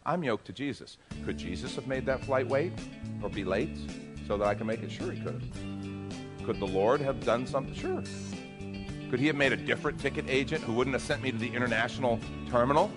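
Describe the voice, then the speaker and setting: A man, a pastor, telling a lively personal story during a sermon and acting out the dialogue. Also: mid-range voice. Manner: animated, acts out dialogue in the story. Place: church.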